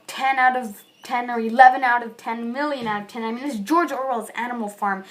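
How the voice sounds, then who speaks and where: A chatty female reviewer talking through a book in a casual video, rambling with plenty of "you know"s. Her voice sits a little high. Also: a bit bright. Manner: rambling, chatty, many fillers.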